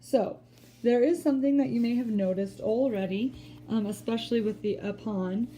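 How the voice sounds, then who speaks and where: A woman teacher giving a phonics lesson, speaking slowly and stretching words out to show their sounds. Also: fairly high pitch, mellow, slight background noise.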